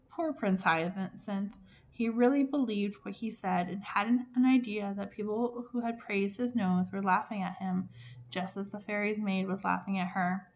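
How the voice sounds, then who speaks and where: Casting: a woman storyteller with a middle-pitched voice, reading a fairy tale evenly, fixing small slips. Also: a little hiss or hum. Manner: even, measured storytelling with small slips and self-corrections. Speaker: podcast host and storyteller.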